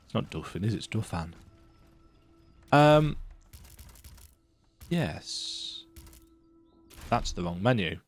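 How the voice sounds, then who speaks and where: A man giving casual let's-play commentary as he plays a game, with relaxed, muttered asides. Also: on the low side, slow pace, pauses often. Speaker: gaming YouTuber. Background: faint game music.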